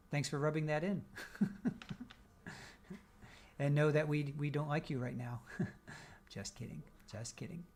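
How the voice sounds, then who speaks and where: Guy hosting a livestream, slightly high voice, reads chat comments out loud and jokes around. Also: creaky. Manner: joking, teasing, laughs often. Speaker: livestream host. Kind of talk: casual chat reading viewer comments.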